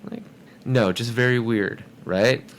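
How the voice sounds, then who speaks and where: In a mid-range voice and a little slowly, a man recounts a story as a guest on a casual podcast. Slight background noise is present, and he animatedly plays the voices of the people he quotes.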